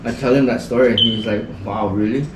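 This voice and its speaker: A male guest from the Northern Mariana Islands tells a story in casual podcast chat at a quick pace, his mid-range voice fairly even in intonation. He rambles and fills his speech heavily with "like," and the distant mic records a roomy sound with background noise.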